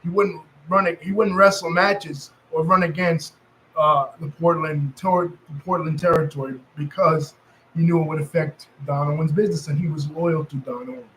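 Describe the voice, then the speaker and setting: A man's voice: on the high side, moderate pace, a bit bright, slight background noise, rough recording. A man with a New York accent telling wrestling history in a loose, rambling monologue, full of fillers and self-corrections. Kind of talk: casual storytelling monologue.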